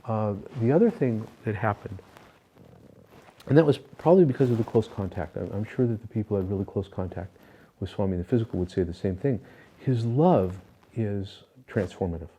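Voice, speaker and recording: Mellow-voiced older man telling stories. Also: on the low side, lively intonation, fairly quick, breathy edge. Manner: earnest, reflective, loose with fillers and restarts. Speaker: interview guest. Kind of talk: personal spiritual storytelling.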